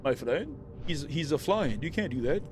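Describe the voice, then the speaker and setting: A man's voice: fairly high pitch, expressive, brisk, music in the background. A man streaming a live game, chatting casually and teasing the players he fights. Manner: playful, taunting, talks to enemy players. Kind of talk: live gameplay commentary.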